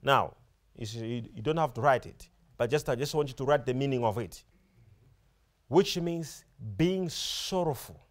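A man's voice: mid-range voice, moderate pace. A male preacher delivering a sermon, emphatic and repetitive, often stopping to ask his congregation questions. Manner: emphatic, repeats words and phrases, animated rise and fall.

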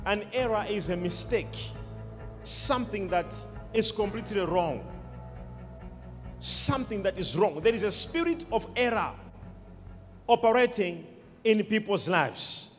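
A man's voice: high voice, expressive, measured pace, long pauses, soft background music. A man preaching a sermon, emphatic, repeating key words and calling on the congregation to respond. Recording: long hall reverb.

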